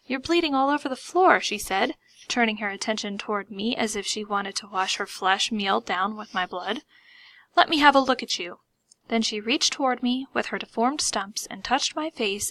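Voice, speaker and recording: Bright-voiced woman reading a story aloud. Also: a little high, dry recording. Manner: lively, expressive comic reading. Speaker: audiobook reader. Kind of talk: first-person storybook narration.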